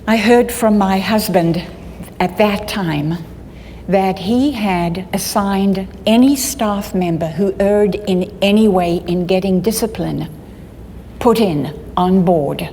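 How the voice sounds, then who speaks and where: A woman's voice: medium pitch, mellow. Older woman telling her story in a hall. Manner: halting, with frequent restarts. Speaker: conference speaker. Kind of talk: personal storytelling talk. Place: conference hall. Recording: long hall reverb, faint background noise.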